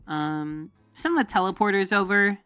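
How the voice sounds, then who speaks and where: A hesitant caller stumbling through a report, as a woman puts on the voice. The voice stays close to her everyday tone, a little louder, halting on every other word, with soft music faint underneath. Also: mid-range voice, smooth, no echo. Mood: flustered. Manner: hesitant, full of ums. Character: flustered caller reporting magic mishap.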